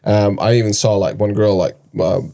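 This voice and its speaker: A man's voice: fairly low pitch, steady tone, normal speed, creaky, dark tone. A man hosting a podcast in casual interview chat, loose and profane, with frequent restarts. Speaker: podcast host.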